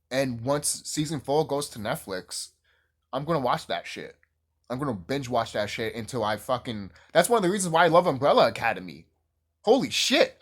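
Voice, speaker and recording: Excitable man gushing with swearing. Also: mid-range voice. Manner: excitable, profane, gushing, rambling. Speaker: YouTube reviewer. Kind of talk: casual rant-style show review.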